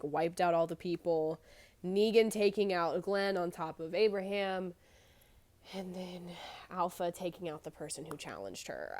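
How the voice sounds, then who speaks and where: A woman's voice: mid-range voice, darkish tone. A young woman giving casual reaction commentary, chatty and thinking aloud, asking herself one rhetorical question after another. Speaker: reaction video creator.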